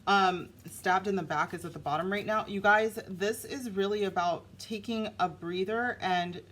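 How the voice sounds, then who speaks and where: A woman giving a casual, animated tarot reading, talking straight to her viewers. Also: medium pitch, moderate pace. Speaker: tarot reader.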